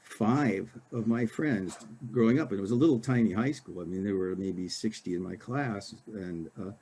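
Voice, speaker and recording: An older man from Oregon, an author giving a casual library talk, halting with many fillers and restarts. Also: lowish voice, warm tone, slight background noise.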